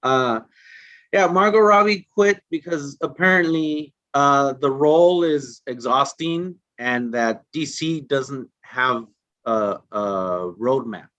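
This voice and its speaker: A man's voice: medium pitch, takes it slowly, bright, forceful tone, no echo, dull audio. A man co-hosting a podcast in casual chat, retelling stories in a chatty, profane way. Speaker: podcast co-host.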